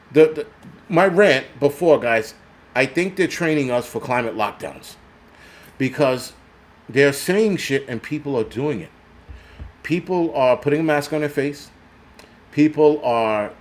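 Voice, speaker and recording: An older man from New York City, host of a prepper channel, delivers an angry vlog rant in a voice on the high side. He swears constantly, drips sarcasm, and mocks other people's voices.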